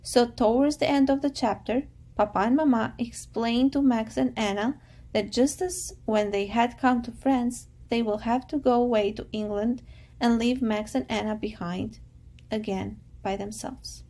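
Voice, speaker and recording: A woman teacher reads a novel aloud to her class in a calm, patient way. Her voice sits fairly high and carries a gravelly texture, with a mellow, soft tone. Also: normal speed. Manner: calm, patient, guiding students.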